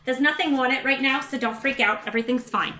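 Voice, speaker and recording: A mother hosts a casual cooking livestream from her home kitchen, bubbly and chatty as she reads viewer comments and talks to her toddler. Her voice sits high and she speaks quickly, with music in the background and a rough recording.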